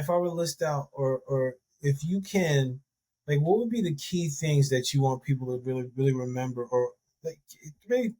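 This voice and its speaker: A man's voice: medium pitch, a little mellow. Chatty laid-back male podcast host. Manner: loose, chatty, lots of fillers and restarts. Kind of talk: casual podcast conversation.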